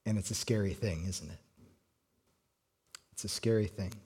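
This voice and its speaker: A man preaching a sermon, telling a childhood story with frequent restarts and dropping to quiet, hushed tones for emphasis. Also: fairly low pitch, moderate pace, husky. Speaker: pastor.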